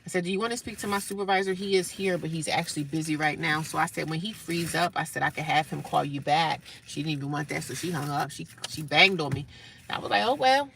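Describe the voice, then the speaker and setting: A woman's voice: low-pitched, fairly even intonation, fast talker, gravelly, a bit bright, a little hiss or hum. A woman from New Jersey telling a blunt, profane story about a rude customer, laughing often and mimicking callers in exaggerated voices. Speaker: vlogger. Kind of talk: casual storytelling rant.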